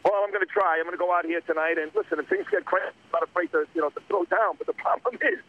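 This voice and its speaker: A middle-aged man phones into talk radio from outdoors, and his high voice tears along at a rapid clip. He rants in a heated, rambling way, and the call sounds muffled and dull. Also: big pitch swings, very noisy. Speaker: radio guest calling in. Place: outdoors on a windy street.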